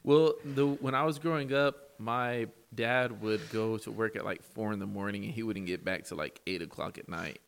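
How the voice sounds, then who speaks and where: A man with a gravelly edge to his voice talks in a loose, casual podcast chat. He tells stories in eager bursts, often breaking into laughter. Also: fairly low pitch, moderate pace, hardly any pauses. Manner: excitable, laughing storyteller.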